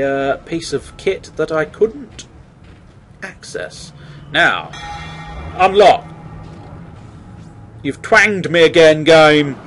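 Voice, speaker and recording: A man's voice: fairly high pitch, a bit bright, a little hiss or hum. A man giving jokey, mildly sweary let's play commentary on a horror game. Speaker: gamer.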